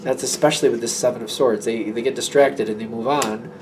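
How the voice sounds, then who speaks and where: A man's voice: medium pitch, steady tone, brisk, a little mellow, slight background noise. A man giving a casual, rambling tarot reading who acts out imagined conversations as he goes. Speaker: tarot reader.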